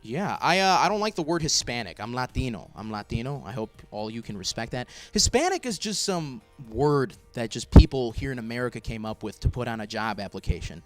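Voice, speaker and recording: Young male comic, very animated intonation, self-deprecating and halting, small room, light music bed. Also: medium pitch. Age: young adult. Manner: awkward, rambling, self-deprecating with fillers. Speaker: stand-up comedian. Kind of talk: stand-up comedy. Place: small room with crew, no audience.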